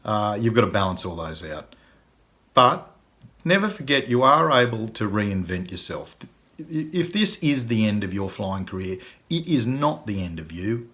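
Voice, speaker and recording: A man's voice: on the low side, big pitch swings, normal speed, sharp tone. A middle-aged man, giving folksy, earnest advice in a casual video monologue, with frequent ums and uhs.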